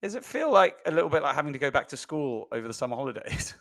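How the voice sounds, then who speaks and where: A man's voice: on the high side, big pitch swings, quick pace, creaky, a bit bright. A man hosting a casual rugby podcast, chatty and prompting his guests with questions, often restarting his sentences. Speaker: podcast host.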